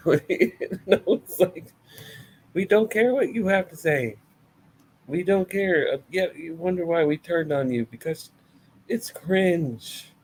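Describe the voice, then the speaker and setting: A man's voice: on the high side, slow, a little hiss or hum, low-quality recording. A man giving a casual, blunt and sarcastic review of a wrestling show, full of swearing.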